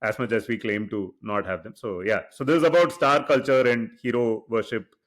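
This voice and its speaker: A man's voice: lowish voice, moderate pace. A man with an Indian English accent, co-hosting a casual podcast and wryly summing up the running jokes. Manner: wry, explains the jokes back in a dry summing-up way. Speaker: podcast co-host.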